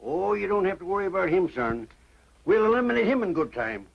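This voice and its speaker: An actor playing a loud, brash older grandfather from the West with a folksy drawl and cackling laughs, in 1940s film acting. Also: high voice, very animated, a little fast, vocal fry, full character voice. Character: loud brash old western grandpa, rowdy. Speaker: boisterous grandfather visiting family. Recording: muffled old film soundtrack with hiss.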